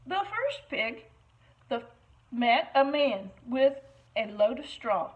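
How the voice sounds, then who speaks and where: A woman teacher reading a picture book aloud to children, expressive and stopping to explain words, on a muffled lo-fi recording. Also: a little high, slow pace.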